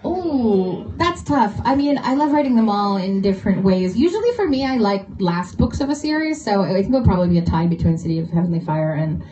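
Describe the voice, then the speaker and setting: A woman's voice: mid-range voice, animated, brisk, hardly any pauses, mellow. A woman author answering audience questions at a bookshop event, chatty and laughing, with many fillers. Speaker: author on a panel. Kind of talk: casual panel Q&A talk. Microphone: phone recording from the audience. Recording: dull lo-fi phone recording.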